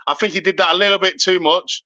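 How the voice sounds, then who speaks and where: A man's voice: high-pitched, fairly even intonation, fast, sharp tone. A British man co-hosting a casual chat, talking loosely with frequent laughs. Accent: British English. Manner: chatty, laughs often. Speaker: podcast co-host. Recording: dull lo-fi audio.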